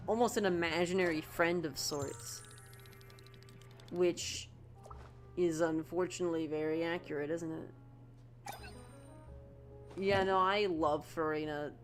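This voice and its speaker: A woman streaming a game with a fairly low voice, chatting casually and gushing with excitement. She trips over her words and restarts often. Faint music plays behind her.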